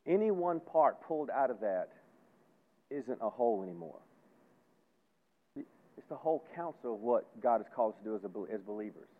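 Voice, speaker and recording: A man preaching a sermon as pastor, folksy and emphatic, repeating phrases and swinging between loud and hushed. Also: medium pitch, expressive, moderate pace, vocal fry, pauses often. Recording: tinny phone-like sound.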